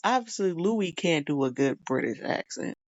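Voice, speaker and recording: Low-voiced chatty woman guest, dull sound. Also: lively intonation, normal speed, a little mellow, dry recording. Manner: chatty, laughing, acts out quotes. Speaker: podcast guest. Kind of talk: casual TV review chat.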